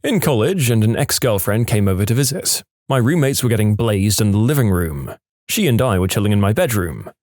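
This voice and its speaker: A man reading stories aloud with a dry, deadpan delivery. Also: on the low side, a little fast, no room sound. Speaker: story narrator.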